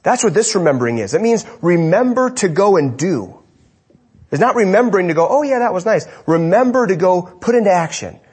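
Husky, animated male preacher. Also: sits high, fairly quick. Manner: emphatic, drops to a hush for stress. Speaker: pastor. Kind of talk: sermon.

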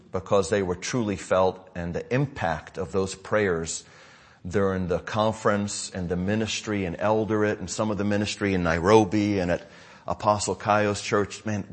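A middle-aged American man preaching to his congregation, telling stories in a loose, conversational way with frequent asides. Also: on the low side. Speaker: pastor. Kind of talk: sermon update to a congregation.

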